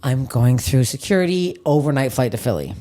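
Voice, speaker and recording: A woman's voice: very deep voice, fairly quick. A woman hosting a podcast, chatting casually and telling stories with lots of swearing and acted-out voices. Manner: animated storyteller, swears a lot, acts out other people's voices. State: tired. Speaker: podcast host, comedian. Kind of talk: casual chat, storytelling.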